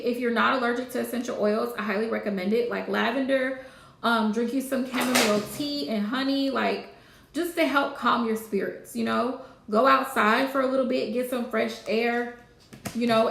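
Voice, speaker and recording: A woman hosting a live tarot reading, calmly repeating gentle advice to her viewers. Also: a little high, moderate pace, gravelly, roomy sound, slight background noise. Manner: soothing, repetitive advice with Southern-style phrasing. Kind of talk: casual live-stream reading.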